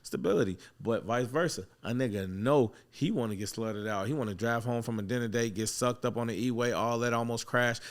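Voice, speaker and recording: A man hosting a barbershop talk, speaking bluntly and profanely in casual chat and telling stories with animated put-on voices. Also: medium pitch, a little fast, hardly any pauses. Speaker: barbershop owner and host.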